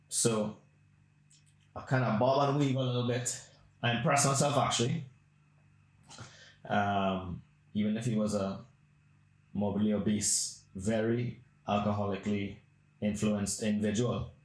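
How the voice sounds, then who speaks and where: A man's voice: lowish voice, unhurried, long pauses. A man hosting a podcast, telling a long story in a blunt, crude, rambling way. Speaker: podcast host. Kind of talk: casual storytelling. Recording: roomy echo.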